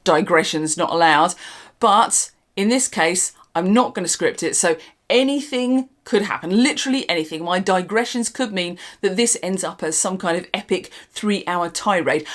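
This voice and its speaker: A woman's voice: lowish voice, moderate pace. An older woman, hosting an unscripted casual product review in a rambling, dry and sarcastic way. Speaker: channel host reviewing products.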